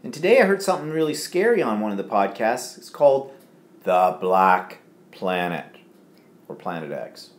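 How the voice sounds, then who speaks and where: A fairly low voice with big pitch swings and moderate pace belongs to another co-host of the live home stream. He chats loosely and reads viewer comments aloud with many fillers, and the room echoes.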